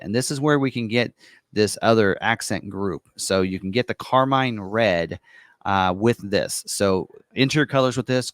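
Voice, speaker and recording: Low-ish guy talking through a configurator off the cuff, lots of ums and uhs, dry close sound. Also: fairly bright tone, no echo. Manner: casual and chatty, many ums and uhs, corrects himself on the fly. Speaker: car presenter walking through an online configurator. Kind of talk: unscripted screen walkthrough.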